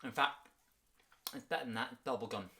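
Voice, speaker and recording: A man leading a children's music workshop, energetic and encouraging, in an upbeat sing-song way. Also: mid-range voice, fairly quick, vocal fry, slight background noise.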